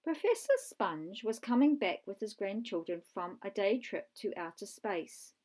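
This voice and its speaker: A woman narrating a children's storybook in a clear, measured way with dramatic pauses. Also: mid-range voice, lively intonation, a little mellow.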